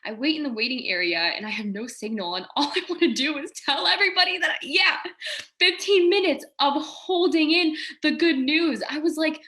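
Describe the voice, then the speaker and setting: Woman in her 20s, guest; higher voice, animated casual storyteller. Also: normal speed. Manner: animated, quoting herself and others, frequent laughs. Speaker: guest, physical therapy school applicant.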